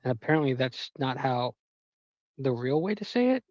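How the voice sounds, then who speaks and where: A man's voice: mid-range voice, sing-song, moderate pace, a little mellow, dry recording, lo-fi sound. A man in his thirties co-hosting a podcast, casual and joking, laughing and swearing as he tells stories. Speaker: podcast co-host. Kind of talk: casual chat.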